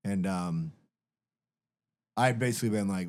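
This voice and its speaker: Middle-aged man telling animated stories. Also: medium pitch, a little fast. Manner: animated storytelling, profane. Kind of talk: casual chat.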